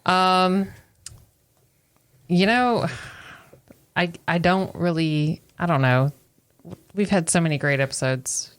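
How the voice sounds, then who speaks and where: A woman with an East Tennessee accent, co-hosting a podcast in relaxed, hesitant chat. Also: lowish voice, slow pace, pauses often, smooth. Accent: Southern US, East Tennessee. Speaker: podcast co-host. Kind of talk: casual chat.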